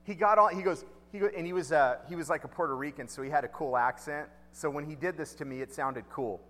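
A man's voice: fairly high pitch, quick pace, a bit bright, in a large hall. A male pastor preaching a sermon in a conversational way, asking the congregation questions and repeating key lines.

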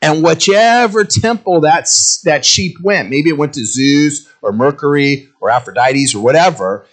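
A man's voice: fairly high pitch, normal speed. Man preaching a casual, jokey sermon. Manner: conversational, jokey, animated asides. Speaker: pastor.

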